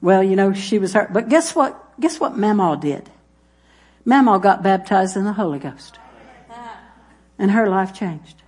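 A woman's voice: mid-range voice, animated, unhurried, long pauses, a little mellow, husky. A woman preaching a sermon, talking straight to her listeners and repeating phrases for emphasis.

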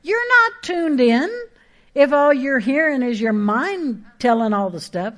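Woman pastor, folksy and emphatic sermon delivery, fairly high voice, quick asides. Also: very animated, fairly bright tone.

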